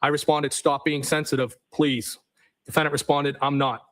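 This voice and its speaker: A man on the witness stand, reading text messages aloud in a matter-of-fact way and saying the punctuation marks out loud. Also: a little high, little pitch movement, moderate pace, low-quality recording. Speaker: trial witness.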